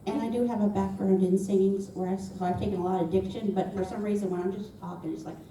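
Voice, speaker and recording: A woman's voice: medium pitch, steady tone, fast talker, warm tone, slight background noise. A woman with a Southern accent, an audience member asking a chatty, slightly self-conscious question. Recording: echoey hall, far from mic.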